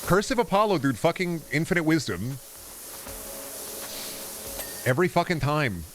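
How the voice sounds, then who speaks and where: A man's voice: fairly high pitch, big pitch swings, normal speed, soft background music. A male streamer in casual chat, ranting and rambling with a lot of swearing.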